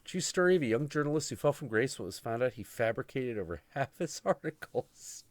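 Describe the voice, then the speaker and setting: A man of medium pitch talks expressively and a bit fast on a dry recording. Hosting a casual stream as a podcast host, he rambles sarcastically with constant swearing, poking fun at characters from films.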